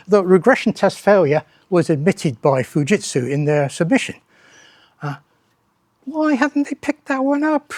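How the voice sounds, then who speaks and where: An older man with a fairly high voice gives a talk at a tech meetup in the manner of a former lecturer. His humour is dry and wry, he asks the audience rhetorical questions, and he often breaks off and restarts his phrases. The sound is dry, with no echo. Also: darkish tone. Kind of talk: conference talk.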